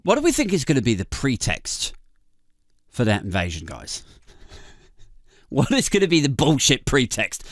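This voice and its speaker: On a comedy podcast, a co-host from Britain delivers sarcastic rants full of swearing and frequent laughter, his pitch swooping around. The sound is clean studio audio without echo, and his tone is fairly bright.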